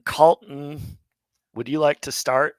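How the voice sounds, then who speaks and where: A man's voice: fairly high pitch, level tone, slow, no room sound. A man hosting a live online Hebrew lesson. He thinks aloud and corrects himself mid-sentence.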